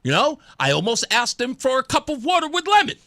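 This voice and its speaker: A man's voice: very high-pitched, brisk, dry recording, studio quality. A man hosting a talk radio show, telling a story casually and acting out the voices of the people in it. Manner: animated, acts out quoted voices.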